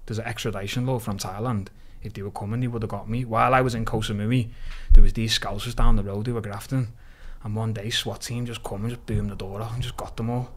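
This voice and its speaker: A man's voice: on the low side, quick pace, hardly any pauses. A man on a podcast, telling stories in a casual chat and laughing as he goes. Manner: animated, swears freely, laughs through his stories. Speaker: podcast guest. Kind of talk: casual storytelling.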